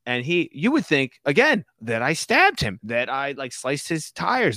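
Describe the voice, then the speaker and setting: In clean studio sound with no room noise, a male podcast guest tells a prank story in casual chat. His mid-range voice is unhurried with hardly any pauses, and as an animated storyteller he acts out the voices of the people involved.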